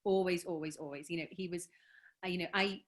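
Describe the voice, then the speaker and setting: A woman's voice: lowish voice, steady tone, quick pace. A woman with a Liverpool accent, chatting enthusiastically as a guest author on a video call, with lots of fillers. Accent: Liverpool (Scouse). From Liverpool, England. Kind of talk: casual interview chat.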